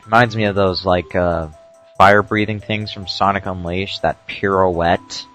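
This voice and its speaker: A man doing casual commentary over a video game, explaining tips with dry jokes and frequent "uh" pauses. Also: sits low, steady tone, a bit bright, faint music behind. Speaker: let's play commentator.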